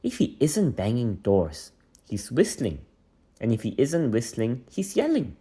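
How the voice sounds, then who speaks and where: Storybook granny: quiet, fussy old woman voiced by a father, raised pitch. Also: huge pitch swings, unhurried, breathy edge, heavily acted. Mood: fretful.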